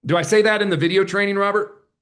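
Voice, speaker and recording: A man running a live online sales training, chatty and energetic, joking about himself as he coaches. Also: high voice, fast. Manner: energetic, chatty, self-deprecating. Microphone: computer mic on a video call.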